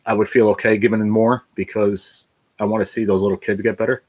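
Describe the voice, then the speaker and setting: A man's voice: lowish voice, little pitch movement, quick pace, a little mellow, husky. A middle-aged man hosting a casual livestream chat, blunt and emotional, swearing freely and wandering off on tangents. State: fighting back tears. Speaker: channel host.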